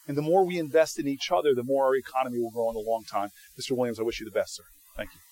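A man speaking to an audience as guest speaker, answering questions as an animated storyteller who restarts often and acts out the people he quotes. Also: mid-range voice, rapid-fire, slight background noise, rough recording.

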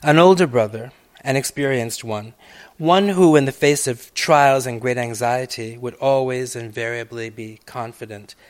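Man reading a reflective literary essay. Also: medium pitch. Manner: measured, reflective, long winding sentences with many asides; swells loud on key phrases, then drops to near-hushed tones. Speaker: author reading his own personal essay.

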